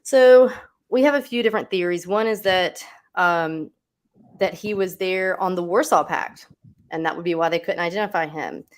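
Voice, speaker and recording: A woman's voice: on the low side, normal speed. A woman hosting a livestream, telling a true-crime story in a casual, chatty way with lots of asides. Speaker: host.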